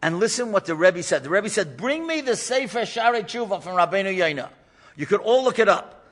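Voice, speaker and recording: A man, a rabbi, telling a story in an animated lecture and acting out the voices of the people in it. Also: high voice, moderate pace. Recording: lecture in a reverberant hall.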